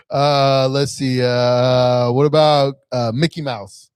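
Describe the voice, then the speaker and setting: A man's voice: medium pitch, slow pace, clear, resonant tone, no echo, studio quality. A man hosting a casual live stream, teasing and joking with his guest. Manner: teasing, laughing, animated. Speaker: host.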